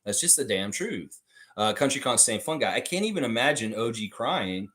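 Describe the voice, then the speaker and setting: A man's voice: medium pitch, big pitch swings, moderate pace, fairly bright tone. Blunt, profane man ranting to chat. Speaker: livestream host. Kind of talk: casual livestream commentary.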